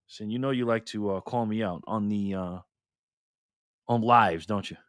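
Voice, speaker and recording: A man's voice: lowish voice, moderate pace, clear, resonant tone, dry recording, studio quality. A man hosting a casual livestream, reading viewer comments aloud in a loose, laid-back way and calling people man and brother. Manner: loose, repeats and restarts phrases. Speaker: livestream host.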